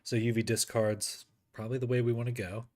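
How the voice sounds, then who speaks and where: A man's voice: medium pitch, little pitch movement, fairly quick, a little mellow. A man giving a casual screen tutorial on building an avatar, thinking aloud and correcting himself as he works. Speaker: avatar creator.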